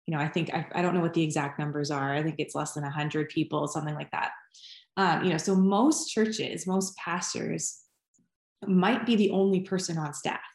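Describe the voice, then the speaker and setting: A woman's voice: low voice, steady tone, moderate pace, a little mellow. A woman, interviewing a guest in a rambling, searching way with lots of fillers. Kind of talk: casual interview conversation. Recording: roomy echo.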